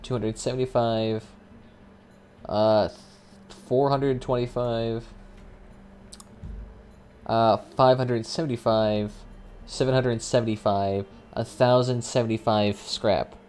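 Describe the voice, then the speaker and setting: A young man streaming a vehicle combat game, chatting casually with swearing and sudden excited outbursts as he plays. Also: mid-range voice, slow, pauses often, slight background noise. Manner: casual, profane, excitable reactions. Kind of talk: live gameplay commentary.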